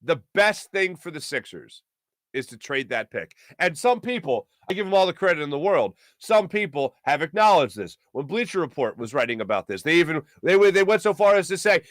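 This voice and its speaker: A man hosting a sports talk show, delivering an opinionated solo monologue with emphatic swings in pitch. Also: sing-song, a little fast, no room sound.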